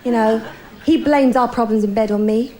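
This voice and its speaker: A woman's voice: fairly high pitch, moderate pace, dark tone, a faint crowd. A woman performing a bawdy, confiding stand-up routine, talking directly to the audience. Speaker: stand-up comedian.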